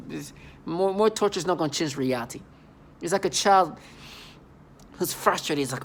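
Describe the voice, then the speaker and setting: A vlogger speaking in a halting, repetitive, accusatory monologue. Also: mid-range voice, slight background noise. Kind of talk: angry vlog monologue.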